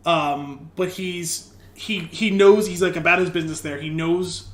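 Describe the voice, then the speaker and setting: High-voiced man in an echoey room. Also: fairly even intonation, measured pace. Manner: chatty, self-correcting, enthusiastic. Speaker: podcast co-host. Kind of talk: casual chat.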